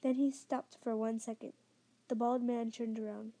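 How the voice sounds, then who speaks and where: Soft-spoken woman reading a storybook. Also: a little high, little pitch movement, moderate pace, no room sound. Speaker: narrator. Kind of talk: audiobook reading of a short story.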